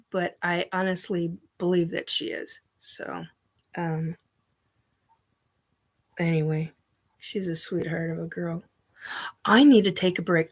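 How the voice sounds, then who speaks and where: Middle-aged lady doing a slow chatty livestream, rambly, laughs a lot, reads comments out. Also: on the low side, slightly rough. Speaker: livestream host. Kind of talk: casual live chat reading comments.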